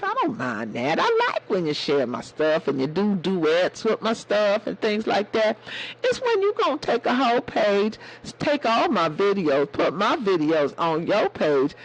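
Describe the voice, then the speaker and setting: A man's voice: high-pitched, a bit bright, rough recording. A man hosting a casual livestream chat in a sassy way, calling his viewers baby and honey. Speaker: livestream host.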